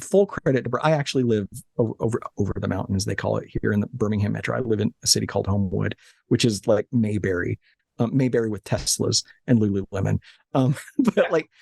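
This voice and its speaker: A man in his late thirties from Alabama, a guest telling animated, joking stories from his office with frequent restarts. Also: mid-range voice, gravelly, breathy edge, no room sound, studio quality. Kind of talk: casual interview chat.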